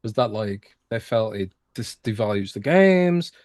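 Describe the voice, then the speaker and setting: A man's voice: on the low side, lively intonation, unhurried, a little mellow, no echo, clean studio sound. A British man, a games reporter, talking casually on a podcast with lots of restarts and fillers. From Britain. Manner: hesitant, many restarts and fillers.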